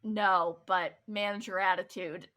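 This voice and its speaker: A woman's voice: mid-range voice, steady tone, a little slow, pushed and bright. A young woman co-hosting a podcast, telling a story in casual chat with lots of laughs, ums and swearing. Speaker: podcast co-host.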